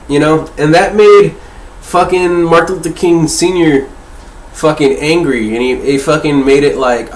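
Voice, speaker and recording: A man's voice: on the high side, moderate pace. A man hosting a casual book discussion, rambling and swearing freely as he corrects himself mid-thought. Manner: profane, rambling, self-correcting. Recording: echoey room.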